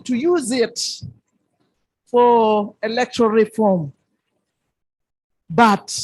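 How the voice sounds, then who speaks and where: A woman speaks from the floor with a high voice, slowly and insistently. She repeats her key phrases for emphasis. The sound is dry and close. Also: dry recording, poor audio. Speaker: member of parliament. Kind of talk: workshop floor contribution.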